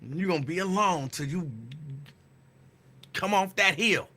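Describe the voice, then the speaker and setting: A man hosting a casual live talk show, greeting listeners by name and teasing them playfully with loud, emphatic bursts. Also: sits high, measured pace. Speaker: radio host. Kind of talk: casual live-show chat reading listener shout-outs.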